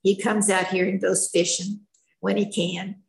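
An older woman with a gravelly voice tells her family story in a candid, plainspoken, folksy way. She speaks at a middle pitch. The sound is roomy and echoey. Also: flat delivery, unhurried. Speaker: retired schoolteacher sharing her recovery story. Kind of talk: personal storytelling, candid share. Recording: echoey room.

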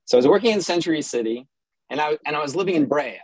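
A man's voice: fairly high pitch, lively intonation, quick pace, dry recording, poor audio. Wry man telling a candid story. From Southern California. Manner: wry, self-mocking, with frequent restarts and chuckles. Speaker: storyteller sharing personal recovery story.

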